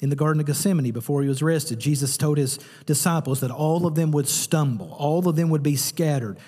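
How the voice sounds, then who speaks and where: A man preaching a sermon as pastor, telling a story with animated, lively delivery. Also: on the high side, brisk, husky, in a large hall.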